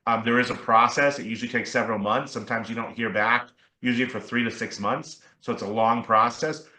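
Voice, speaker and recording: An attorney man talks through a podcast interview and explains things earnestly, pausing to check in with his listener. His voice is bright and forceful. It rings in an echoing room. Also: medium pitch, fairly even intonation. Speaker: attorney guest.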